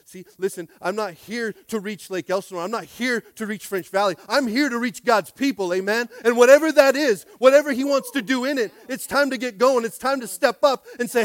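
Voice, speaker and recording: A male pastor with a high voice, preaching a lively sermon that jumps from shouted calls to quiet, chatty asides. He talks plainly and casually, stumbling over restarts and often asking "are you with me?" The sound is close and dry, with no room echo. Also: fairly quick, few pauses. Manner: calls for response from the congregation; casual, conversational phrasing with frequent restarts.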